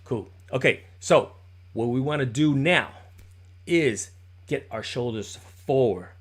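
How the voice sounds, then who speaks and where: Speaking slowly in a slightly rough, animated mid-range voice, this dance instructor teaches popping on a live stream. He counts out beats, encourages students, and answers chat questions in a chatty way.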